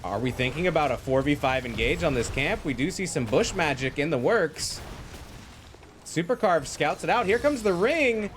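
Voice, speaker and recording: A man delivers live play-by-play for a video game match, his voice sitting fairly high and swinging widely in pitch. He reacts to every fight with energy and chatty asides. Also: slight background noise. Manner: energetic, quick reactions, thanks viewers. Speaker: esports caster.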